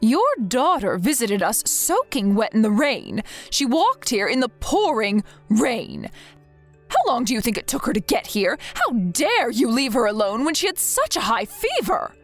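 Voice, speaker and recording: A woman's voice: on the high side, very animated, unhurried. Woman reading as a stern worried mother-in-law. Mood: scolding. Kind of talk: scripted text-message reading. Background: faint background music.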